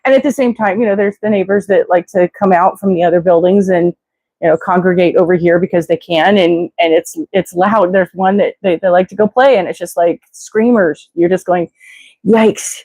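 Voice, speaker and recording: A woman's voice: on the low side, fairly even intonation, fairly quick, a little mellow, no echo. Chatty woman rambling on a livestream. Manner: chatty, digressive, many fillers and restarts; acts out quoted voices with exclamations. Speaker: livestream host. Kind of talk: casual rambling livestream chat.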